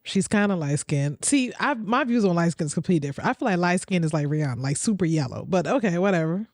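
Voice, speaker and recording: A woman's voice: on the low side, expressive, fast, a little mellow, dry recording, clean studio sound. A woman hosting a reaction video, commenting bluntly and profanely and laughing often.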